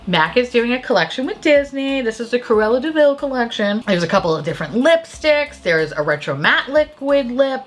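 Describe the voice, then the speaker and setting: Profane, ranting woman with a bright, lively voice. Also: on the high side. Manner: profane, sarcastic, exasperated ranting. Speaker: beauty video host. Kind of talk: casual ranting review.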